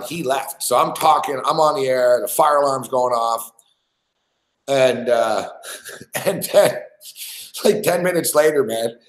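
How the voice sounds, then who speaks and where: A man hosting a sports betting stream tells a long story in a loose, profane, rambling way, stumbling over his words and starting sentences again. His voice sits at a middle pitch. The room around him gives it a noticeable echo. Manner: profane, rambling, many restarts. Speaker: sports betting show host. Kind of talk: casual storytelling. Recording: roomy echo.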